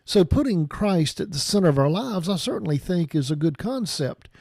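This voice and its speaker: A man's voice: high voice, lively intonation, moderate pace, darkish tone, dry recording, clean studio sound. A man preaching a reflective sermon, thinking aloud with frequent restarts. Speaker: pastor.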